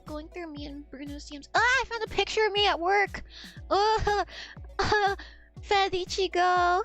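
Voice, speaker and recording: A woman's voice: extremely high pitch, moderate pace, a bit bright, soft background music. A woman in her twenties chatting casually as a streamer, rambling, losing her thread and swearing freely. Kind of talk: casual chat.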